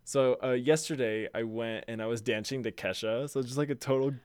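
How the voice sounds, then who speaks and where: A man's voice: medium pitch, brisk, a little mellow, smooth, no room sound, clean studio sound. A young man co-hosting a podcast, chatting casually and rambling with many fillers and swear words. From Utah, USA. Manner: rambling, lots of fillers and profanity. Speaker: podcast co-host. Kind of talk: casual chat.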